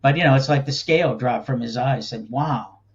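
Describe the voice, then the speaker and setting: A man's voice: medium pitch, moderate pace, highs cut off. A man speaking as a guest in a casual interview, rambling in a folksy way and laughing often. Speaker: guest, think tank cofounder.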